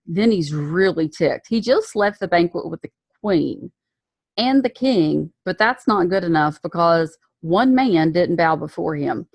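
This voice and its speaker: A woman's voice: lowish voice, expressive, measured pace, creaky, slightly rough, no echo. A woman giving a casual Bible lesson, retelling the story in a chatty way with slang and frequent self-corrections. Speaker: Bible teacher.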